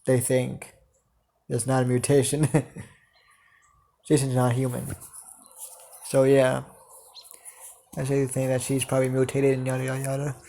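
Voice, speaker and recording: A man's voice: mid-range voice, monotone, a little slow, vocal fry, long pauses, mellow, slight background noise. A man narrating an improvised fan story, hesitant and full of fillers.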